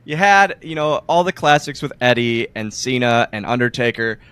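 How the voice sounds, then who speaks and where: A man's voice: medium pitch, expressive, moderate pace, a bit bright, smooth, dry recording. A man hosting a casual podcast interview, chuckling along and asking his guest questions. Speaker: podcast host.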